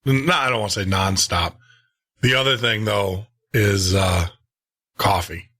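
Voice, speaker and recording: A man from Tennessee hosting a show, chatting casually with frequent pauses and restarts. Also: fairly low pitch, sharp tone, husky. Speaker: radio show host. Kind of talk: casual chat.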